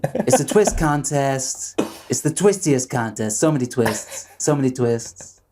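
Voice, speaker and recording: A man's voice: mid-range voice, animated, measured pace, background noise, close to an everyday voice. A man putting on the voice of a brash male showman host who boasts in repeated superlatives, as a comic impression in a casual chat. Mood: boastful.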